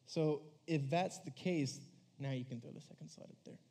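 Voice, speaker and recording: A man preaching a casual sermon to a church audience, conversational and animated, acting out voices and saying "like" a lot. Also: fairly high pitch, normal speed, vocal fry. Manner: animated, conversational, acts out voices, says "like" often.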